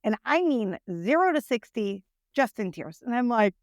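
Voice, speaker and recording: Smooth-voiced woman telling her story frankly. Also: on the high side, normal speed, dry recording. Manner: frank, animated, tags points with "right?". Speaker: nonprofit founder, guest. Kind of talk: candid personal storytelling.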